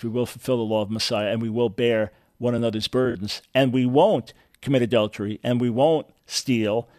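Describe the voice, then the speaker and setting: A man's voice: medium pitch, dry recording. Male radio host, middle-aged, emphatic, dry close sound. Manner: earnest, emphatic, repeats words for stress. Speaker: radio talk show host. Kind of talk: call-in radio teaching.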